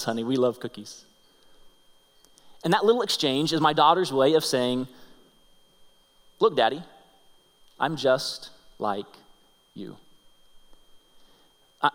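A man's voice: a little high, a bit bright. A man in his thirties preaching a sermon, telling stories in an earnest way and often repeating his words. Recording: long hall reverb.

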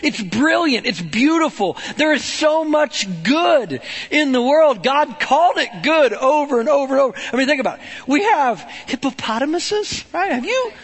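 A man preaching a storytelling sermon in an animated, conversational way, often checking in with "right?". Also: very high-pitched, moderate pace.

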